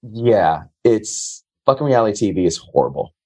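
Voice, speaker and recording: A man's voice: fairly low pitch, sing-song, moderate pace, darkish tone. A man in casual conversation, telling stories in a blunt, profane way. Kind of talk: casual storytelling.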